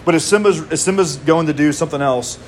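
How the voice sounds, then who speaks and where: A man in his thirties preaches in a relaxed, conversational way, mixing in casual asides. His voice sits a little higher than most men's. A faint air conditioning hum runs underneath. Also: fast talker. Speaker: pastor. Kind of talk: sermon.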